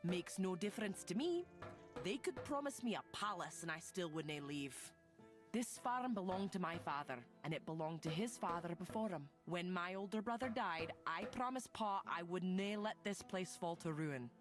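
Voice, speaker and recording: A woman's voice: fairly low pitch, expressive, moderate pace, natural voice. An actress voicing a stubborn, wary old farm woman in game dialogue, blunt and grumbling. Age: older. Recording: game audio with loud music underneath.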